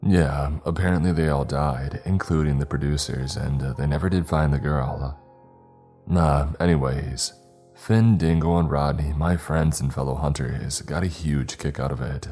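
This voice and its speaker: Very deep-voiced male story narrator. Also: fairly even intonation, moderate pace, mellow, faint music behind. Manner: wry, casual storytelling. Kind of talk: scripted horror story narration.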